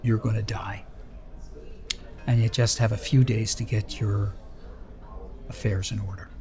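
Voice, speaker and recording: A grave male doctor, as a man voices him, speaking low, hushed and solemn while telling terrible news. His delivery stays measured and heavy. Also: fairly even intonation, over music.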